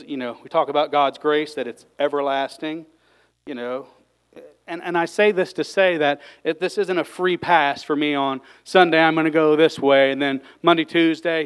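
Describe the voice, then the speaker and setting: A man's voice: on the high side, a bit bright, clear, resonant tone, rough recording. A man preaching an emotional sermon, getting worked up, sighing and exclaiming between points. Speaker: lay preacher.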